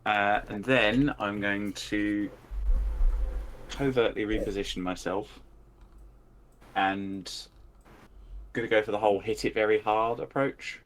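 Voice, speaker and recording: A man's voice: on the low side, steady tone, takes it slowly, long pauses, fairly bright tone, a little hiss or hum. A man playing a tabletop game, thinking aloud and muttering as he rolls dice. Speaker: player.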